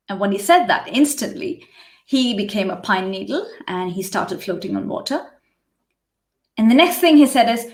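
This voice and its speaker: A woman telling a myth in a live teaching session, measured, with restarts and asides. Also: mid-range voice, animated, a little mellow. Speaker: spiritual teacher. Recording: roomy echo.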